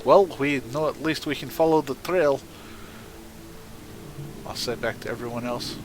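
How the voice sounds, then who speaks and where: A man's voice: medium pitch, normal speed, over music, poor audio. A man playing a tabletop game who explains his moves hesitantly, with many fillers.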